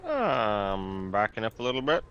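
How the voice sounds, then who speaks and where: A man's voice: medium pitch, expressive, normal speed, sharp tone, dull audio, slight background noise. A man playing a tabletop game who makes joking, chuckling asides. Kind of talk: casual chat.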